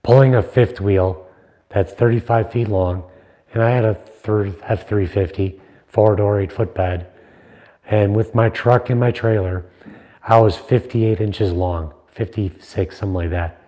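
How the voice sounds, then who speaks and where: A man's voice: fairly low pitch, steady tone, unhurried, dark tone. A middle-aged man chatting casually and rambling with viewers on a livestream, teasing them. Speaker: livestream host, knife maker. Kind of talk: casual live chat with viewers.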